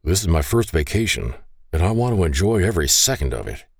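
A man's voice: deep voice, very animated, fast, vocal fry, no echo, studio quality, exaggerated voice. A man doing a flirty joking groom.

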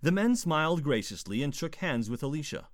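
Dry, lively male audiobook narrator. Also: a little high, fairly quick, no echo. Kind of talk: scripted narration.

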